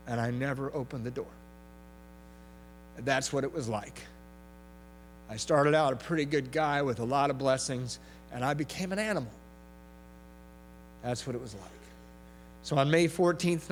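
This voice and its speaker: A middle-aged man with a Southern Californian accent, speaking candidly at a recovery meeting, self-mocking and full of halting restarts. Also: medium pitch. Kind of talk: personal testimony talk. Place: large convention hall. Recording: hall echo, faint hum.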